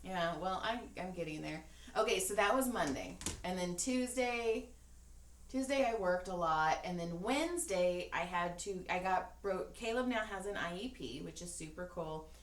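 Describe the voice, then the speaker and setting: A podcast co-host with a fairly low voice tells stories at a moderate pace, acting out quotes and cursing freely. The mic sits far from her, giving a roomy sound to the casual chat.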